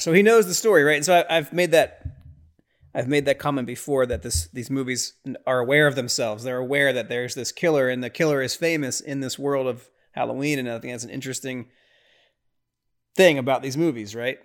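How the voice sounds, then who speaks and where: A man's voice: medium pitch, fairly quick. A man hosting a podcast, giving casual watch-along commentary on a movie in a rambling, reactive way with sudden exasperated outbursts. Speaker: podcast host.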